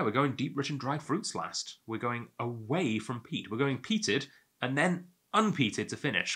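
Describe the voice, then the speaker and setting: A man with a rather low but bright, forward voice hosts a casual whisky tasting. He talks to the camera in a loose, rambling, self-amused way. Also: breathy edge.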